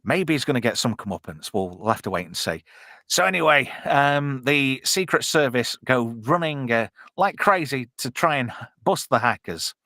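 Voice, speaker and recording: A man's voice: medium pitch, animated, normal speed, bright, forceful tone, dry recording, studio quality. A man hosting a casual, jokey live-stream commentary on a film. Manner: chatty, jokey, puts on silly voices. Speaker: podcast co-host.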